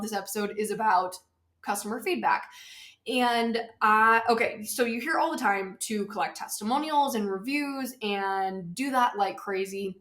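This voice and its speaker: A woman's voice: medium pitch, roomy sound. A woman hosting her own podcast in a home office, chatting casually and a little out of breath, stressing her points by repeating them. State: slightly out of breath. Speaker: podcast host. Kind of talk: casual solo podcast talk.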